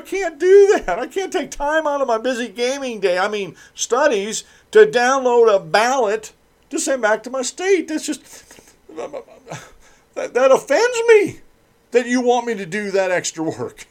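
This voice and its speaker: A man putting on the voice of a whiny, lazy young male college student in a high-pitched, mocking tone. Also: sing-song, a little slow, heavily acted. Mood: whiny mockery.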